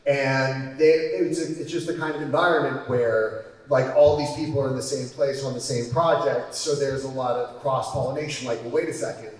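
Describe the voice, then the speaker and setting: A man on a convention panel, talking hesitantly and filling pauses with "uh" and "like". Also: medium pitch, steady tone. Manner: hesitant, many fillers. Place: large convention hall. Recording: very echoey hall from far off.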